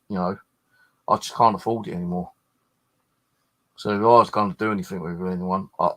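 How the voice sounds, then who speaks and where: Tired bloke, low-pitched, rambling casual chat full of swearing and restarts. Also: male voice, a bit bright. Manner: swears freely, meandering with many restarts. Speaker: ghost hunter chatting with livestream viewers.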